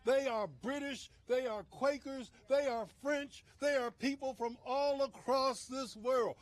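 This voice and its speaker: A male minister giving an emotional, impassioned speech outdoors at a press conference, rising to shouts and sinking low. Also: a little slow, hardly any pauses, dry recording.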